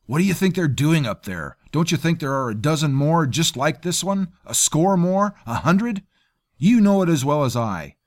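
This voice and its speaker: A man's voice: medium pitch, animated, normal speed, no room sound, studio quality, voice pushed up, close to an everyday voice. A man voicing a coarse, sneering male mercenary with a taunting, mocking way of talking.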